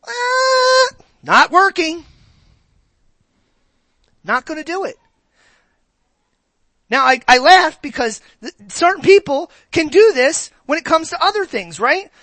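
A woman's voice: high voice, animated, normal speed, a bit bright, no room sound. A woman preaching a casual sermon, joking and acting out little quoted voices as she goes. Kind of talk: conversational sermon.

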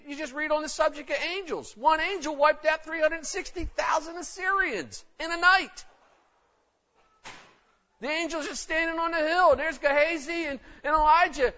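A man's voice: very high-pitched, bright, forceful tone. A man preaching a sermon in an emphatic, conversational way. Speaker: pastor. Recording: dull lo-fi recording.

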